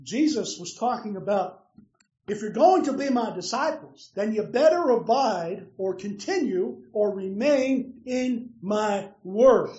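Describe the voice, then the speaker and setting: A man's voice: high-pitched, expressive, a little slow, a little mellow. A man preaching a sermon, emphatic, putting questions to his listeners and answering them himself. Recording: roomy, distant, dull lo-fi sound.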